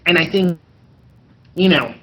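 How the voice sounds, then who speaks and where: Reflective man with a higher voice. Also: unhurried, bright, forceful tone, rough recording. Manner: reflective, self-mocking. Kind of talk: interview.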